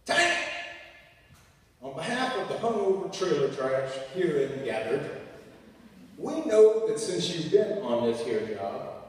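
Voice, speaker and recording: A man voicing a blunt, teasing male construction worker with a folksy, rough way of talking. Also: fairly high pitch, sing-song, a little slow, a little mellow. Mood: gruff teasing. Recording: echoey hall from far off.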